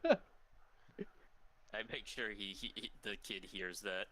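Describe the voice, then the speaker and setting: A man playing a tabletop game, talking in halting restarts. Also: lowish voice, a bit bright. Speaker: player. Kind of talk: casual tabletop role-play.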